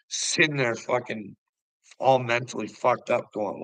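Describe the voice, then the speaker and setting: Middle-aged male streamer, gravelly and forceful, profane, heated, laughs a lot. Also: medium pitch, moderate pace, no room sound, rough recording. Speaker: livestream host talking to chat. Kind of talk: casual livestream rant.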